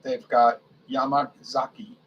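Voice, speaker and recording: A man's voice: mid-range voice, flat delivery, takes it slowly, breathy edge, dull audio. A man casually reading a liquor list aloud, musing to himself and stumbling over foreign names. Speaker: beer and spirits reviewer.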